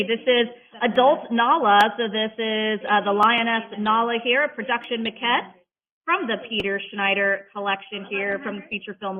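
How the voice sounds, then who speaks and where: At a live auction, an auctioneer with a medium-pitched voice calls bids in a rapid-fire chant, slipping playful patter between the numbers. The audio sounds tinny, like it came through a phone.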